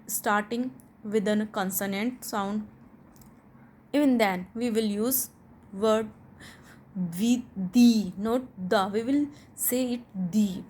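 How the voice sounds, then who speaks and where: A young woman teaching English pronunciation, slowly and deliberately explaining a rule and repeating the example words. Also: a little high.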